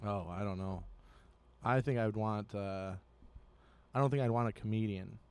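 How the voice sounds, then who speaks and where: A man hosting a podcast, chatting casually and joking with his guest, dropping in quick interjections. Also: lowish voice, smooth, no echo. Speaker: podcast host, comedian.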